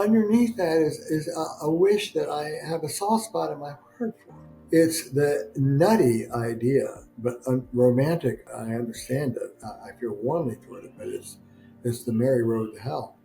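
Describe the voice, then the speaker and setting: A man's voice: medium pitch, gravelly, warm tone, poor audio. An older man talking straight to the camera as a couples therapist, chatty and wry, sometimes playing both sides of a quarrel. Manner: conversational, acts out both sides of a couple's argument. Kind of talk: direct-to-camera talk.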